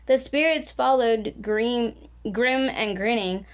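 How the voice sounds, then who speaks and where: A woman's voice: fairly high pitch, slow pace. A woman reading a rhyming picture book aloud in a sing-song, playful way. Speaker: storybook reader.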